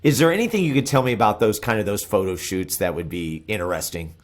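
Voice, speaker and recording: A man's voice: lowish voice, expressive, quick pace. A man hosting a podcast, asking casual questions with short encouraging replies. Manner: encouraging, frequent short affirmations. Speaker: podcast host. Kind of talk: casual interview.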